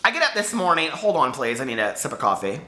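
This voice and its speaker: A man chatting casually to his viewers in a book vlog, telling stories in an animated way from home. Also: mid-range voice, fast, a little hiss or hum. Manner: animated storyteller, talks straight to viewers. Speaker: book vlogger.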